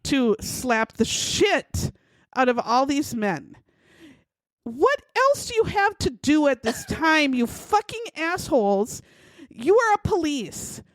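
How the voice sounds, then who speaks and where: Animated, profane woman podcaster. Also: sits high, slow, no echo. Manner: outraged, profane, animated storytelling. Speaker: podcast co-host. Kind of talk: casual true-crime chat.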